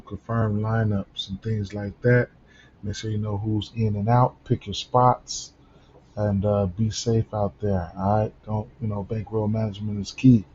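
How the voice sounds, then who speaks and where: A man's voice: on the low side, mellow, highs cut off, a little hiss or hum. A man hosting a casual sports betting picks rundown, sleepy in the early morning and rambling with many fillers and restarts.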